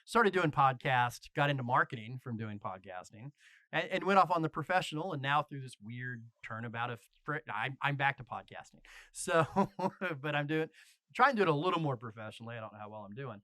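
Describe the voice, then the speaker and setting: A man's voice: medium pitch, expressive, fairly quick, pushed and bright, no echo. A man hosting a podcast, asking rambling, self-deprecating questions in a casual interview. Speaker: podcast host.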